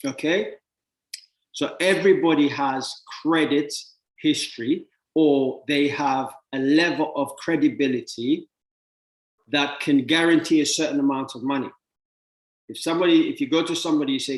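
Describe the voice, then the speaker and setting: Animated man in an echoey room. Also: fairly high pitch, moderate pace. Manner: repeats words, acts out dialogue with other people. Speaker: speaker teaching about money. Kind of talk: animated motivational talk.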